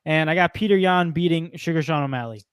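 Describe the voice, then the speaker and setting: A young man co-hosting a casual sports podcast, easygoing and quick to laugh, on a computer mic. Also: a little high, smooth, no room sound, studio quality. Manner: easygoing, laughs often, laid-back predictions. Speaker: podcast co-host.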